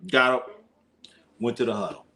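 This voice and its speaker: A man hosting a casual sports livestream, talking in an animated, profane way and sometimes mimicking whiny crying voices. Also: medium pitch, normal speed.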